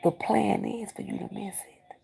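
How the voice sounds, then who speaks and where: A woman's voice: mid-range voice, steady tone, normal speed, vocal fry, dark tone, husky, rough recording. A woman giving a spiritual card reading, talking urgently like a preacher and often dropping into a whisper. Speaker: tarot reader.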